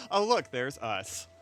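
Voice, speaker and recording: Playing a game, this streamer chats casually in a mid-range, slightly bright voice. He's giggly and rambling, with many fillers and asides.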